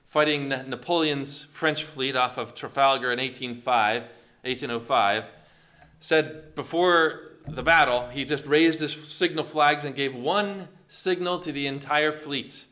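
A man's voice: medium pitch, a little slow, bright, forceful tone. A man preaching a sermon, asking the congregation questions and acting out quotes along the way. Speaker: pastor.

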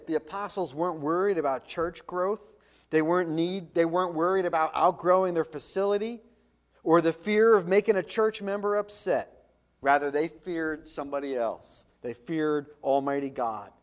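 A man preaching a sermon as pastor, reading scripture and asking rhetorical questions, with loud emphatic swells and hushed drops. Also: a little high, moderate pace.

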